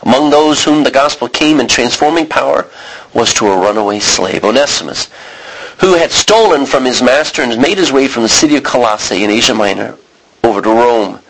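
An American man teaching a Bible sermon in a conversational way, often restarting and clearing his throat. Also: medium pitch, a little fast, fairly bright tone, poor audio. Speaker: preacher.

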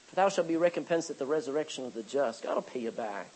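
Husky, animated preaching man. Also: medium pitch, fast, rough recording. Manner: animated preaching, reading scripture aloud, calling for amens. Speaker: pastor. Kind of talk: sermon.

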